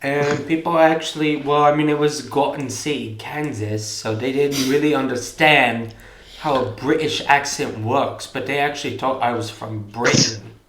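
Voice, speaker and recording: A man's voice: medium pitch, steady tone, normal speed, a bit bright, roomy sound, a little hiss or hum. A tipsy man chatting casually and joking, rambling on between laughs.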